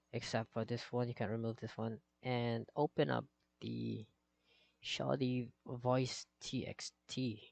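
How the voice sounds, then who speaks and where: Slow, gravelly-voiced man giving a tutorial. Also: mid-range voice, warm tone, no room sound. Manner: slow, step-by-step instructions. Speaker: tutorial creator. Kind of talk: software tutorial walkthrough. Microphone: cheap desktop microphone.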